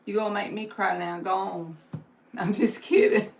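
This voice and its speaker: A woman's voice: medium pitch, fairly even intonation, normal speed, a little hiss or hum. A woman hosting a live tarot stream, chatting casually and giving encouraging spiritual advice with plenty of fillers.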